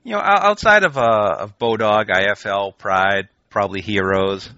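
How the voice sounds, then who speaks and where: Man, radio host, casual banter, wry quips, low pitch, bright tone, lo-fi recording. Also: moderate pace, dry recording.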